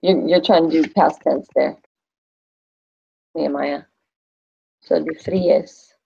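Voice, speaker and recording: A woman's voice: low-pitched, steady tone, slow, creaky, husky, muffled recording. A woman teaching a Spanish class in a classroom, thinking aloud and quizzing her students.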